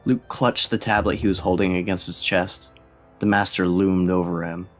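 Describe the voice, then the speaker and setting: Audiobook narrator, male, very low pitch, steady read. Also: moderate pace, soft background music.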